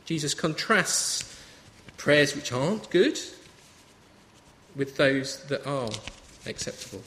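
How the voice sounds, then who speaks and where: A man's voice: on the high side, lively intonation, slow, a bit bright. A man in his thirties preaching a sermon in a chatty, story-telling way. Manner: conversational, anecdotal preaching. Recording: reverberant hall with faint ambience.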